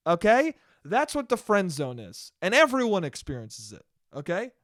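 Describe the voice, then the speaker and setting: High-voiced man ranting on a podcast. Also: huge pitch swings, normal speed, a bit bright, dry recording, clean studio sound. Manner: heated, profane, emphatic. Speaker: podcast host. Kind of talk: solo podcast rant.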